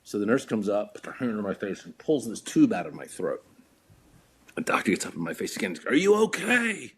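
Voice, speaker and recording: A man's voice: on the low side, animated, fairly quick, a little hiss or hum. A man, a podcast guest, telling a story in a casual way, acting out other people's voices and often repeating his words.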